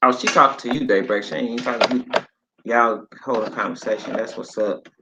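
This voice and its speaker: A fifty-something man, late fifties, runs a casual livestream from his phone, reading viewer comments out loud between rambles and casual cursing. His voice sits at medium pitch and moves fairly quickly, with background noise audible.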